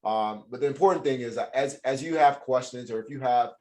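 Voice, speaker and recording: A man's voice: medium pitch, fairly quick, mellow. A man hosting a casual interview over a video call, talking in a chatty way with many restarts. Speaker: host.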